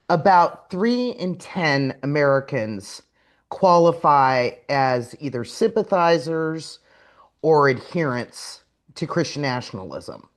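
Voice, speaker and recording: A woman speaking as the guest expert on a webinar panel, explaining in an earnest way. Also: sits low. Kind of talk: webinar talk.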